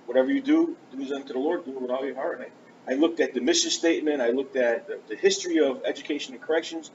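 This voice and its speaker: Here a preacher delivers his testimony at a quick pace, his voice medium in pitch. Earnest and animated, he acts out conversations as he tells his story in a storytelling sermon. It's a dull lo-fi church recording with a faint hiss.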